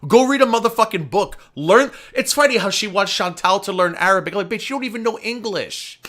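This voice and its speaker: A man hosting a casual reaction stream, profane, swinging between muttered asides and loud outbursts. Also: high-pitched, animated, brisk. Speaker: drama channel host.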